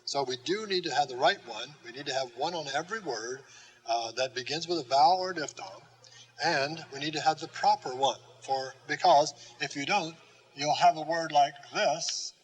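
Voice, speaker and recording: Older male lecturer, slightly high voice, unhurried and repetitive, lots of "uh" pauses; classroom grammar teacher. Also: low-quality recording. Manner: slow and deliberate, with many "uh" fillers, repeating key words. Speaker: Greek teacher.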